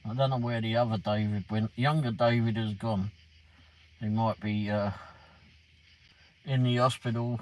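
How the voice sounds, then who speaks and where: A man's voice: medium pitch, steady tone, normal speed, long pauses, a little hiss or hum, rough recording. A man live-streaming late at night, chatting casually, greeting viewers by name and answering the chat.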